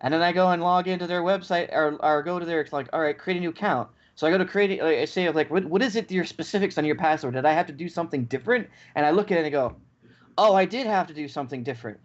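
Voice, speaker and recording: A man's voice: on the high side, fast talker. A man co-hosting a podcast, ranting in a casual chat and acting out both sides of the story. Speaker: podcast co-host. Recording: dull lo-fi podcast audio.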